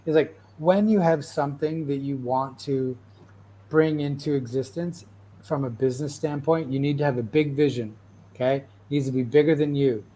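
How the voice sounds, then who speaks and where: A faint hiss or hum runs under this man's mid-range voice, which moves at a moderate pace. Hosting an easygoing motivational talk, he meanders through stories, repeatedly tossing in "right?" and "like." He's a fidgety, lively storyteller who keeps starting over.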